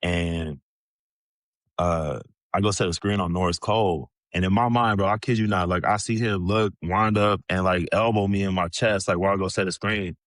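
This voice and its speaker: A man in his thirties, a podcast guest telling animated, profane stories full of casual slang. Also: low voice, moderate pace, no echo. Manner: profane, animated storyteller, many "bro" and "like" fillers. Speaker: podcast guest, former pro basketball player. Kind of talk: casual storytelling.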